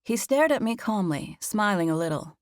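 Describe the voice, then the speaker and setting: Recorded close on a studio microphone without echo, this female narrator reads a first-person audiobook at a moderate pace. She performs with lively expression, and her voice rises high whenever the heroine speaks nervously.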